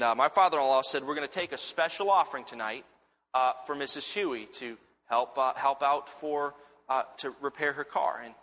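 A man preaching a sermon, telling a personal story with lively restarts and fillers before moving into a scripture reading. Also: a little high, in a large hall. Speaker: pastor.

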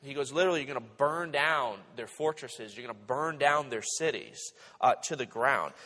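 A man preaching a sermon, retelling the passage in animated storytelling and acting out the characters. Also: medium pitch, normal speed. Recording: reverberant hall.

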